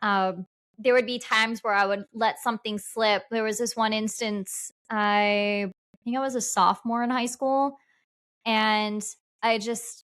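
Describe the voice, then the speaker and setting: A woman's voice: a little high, steady tone, a little slow, a bit bright. A woman, a paranormal investigator guest on a podcast, sharing her experiences in an earnest, matter-of-fact way with frequent restarts. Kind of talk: casual podcast conversation.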